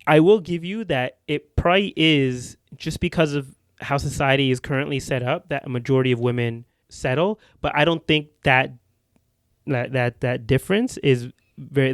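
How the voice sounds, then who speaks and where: A man's voice: mid-range voice, normal speed, dry recording, clean studio sound. A young man co-hosting a podcast in casual chat, arguing his points with restarts and hedges. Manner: argumentative, talks in restarts and hedges. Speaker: podcast co-host.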